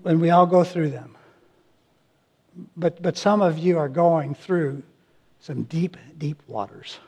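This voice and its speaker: High-voiced preaching man, emphatic. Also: darkish tone, breathy edge. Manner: emphatic preaching with repeated phrases and restarts. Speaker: pastor. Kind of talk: sermon.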